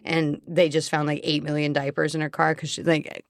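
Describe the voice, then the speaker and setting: A woman's voice: sits low, little pitch movement, normal speed, no echo. Blunt, sarcastic woman co-hosting a podcast. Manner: blunt and sarcastic, profane, chatty. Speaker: podcast co-host. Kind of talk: casual chat.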